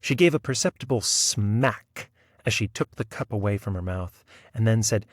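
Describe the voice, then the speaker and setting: A man reading a short story aloud in measured scripted narration. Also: fairly low pitch, animated, dry recording, studio quality. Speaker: audiobook reader.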